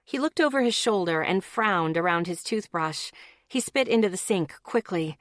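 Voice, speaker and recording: A woman reading a first-person audiobook, her telling blunt, tense and sprinkled with swearing. Her voice sits at a middle pitch. The recording is dry, with no room sound. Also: expressive, normal speed, no room sound. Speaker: audiobook narrator.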